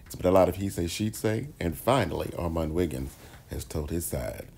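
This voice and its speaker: A man with a low, gravelly, slightly rough voice that's a little mellow, speaking a bit fast with lively intonation. He hosts a commentary channel doing casual, sassy celebrity gossip and pop-culture talk, calling his viewers "child" and "baby."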